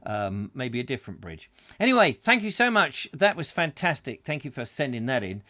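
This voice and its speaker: A man's voice: medium pitch, sing-song, moderate pace, bright, forceful tone. A man with a rambling, self-mocking manner, hosting a comic live chat show and full of fillers and asides.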